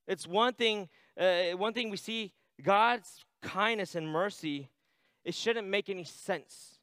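A man's voice: sits high, slow, a bit bright, smooth, dry recording. A man preaching a sermon in a conversational way, reading scripture aloud and adding "right?" asides. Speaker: pastor.

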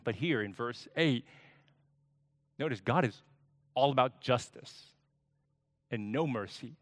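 A male pastor delivers a sermon at an unhurried, measured pace. His mid-pitched voice sounds close and dry. He breaks into animated quoted speech to bring the text alive. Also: dry recording. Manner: slow, deliberate preaching with dramatic voiced quotes.

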